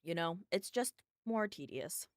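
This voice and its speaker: A woman's voice: lowish voice, expressive, unhurried, no echo. Rambling, swearing woman streamer. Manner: rambling, swears often, thinks aloud. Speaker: game streamer. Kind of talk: casual gameplay commentary. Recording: streamer mic with loud game music.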